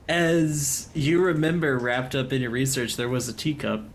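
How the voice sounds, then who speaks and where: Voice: mid-range voice, fairly even intonation, unhurried, a little hiss or hum. A game master narrating a tabletop game, often breaking into laughter.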